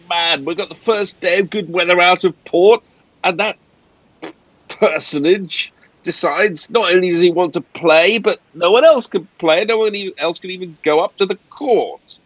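A man's voice: high voice, moderate pace, fairly bright tone, no room sound, muffled recording, pitched above the performer's own voice. A man voicing an indignant, pompous male ship captain who blusters about his authority. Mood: outraged. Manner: blustering and self-important.

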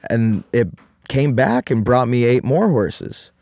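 An unbothered old farmer who answers with a steady shrug, played by a man telling the tale. He speaks evenly, a touch above the storyteller's usual low pitch. The sound is close and dry. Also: slow pace, gravelly, no echo, full character voice. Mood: calm. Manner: even, shrugging delivery.

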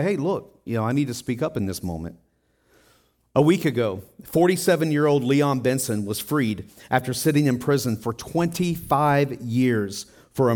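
A man's voice: a little high, a little mellow. Conversational man preaching a sermon. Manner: conversational, asks the congregation questions. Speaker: pastor. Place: church.

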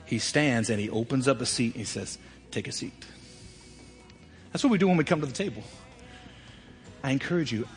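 A middle-aged man preaching a sermon, swinging between emphatic loud passages and quiet ones. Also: medium pitch, expressive, quick pace, soft background music. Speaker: pastor. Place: church sanctuary.

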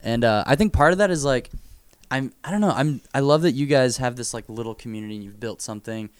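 A man interviewing a guest in a casual chat, easygoing and quick to joke or agree. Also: mid-range voice, clean tone, no room sound. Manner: easygoing, joking, eager to agree.

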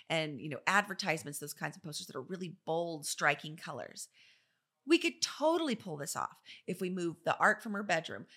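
A middle-aged woman, an interior designer and business owner, telling stories and giving advice in a chatty, animated way, often acting out what people said. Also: on the low side. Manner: chatty, animated storytelling with quoted voices. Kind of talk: casual advice talk.

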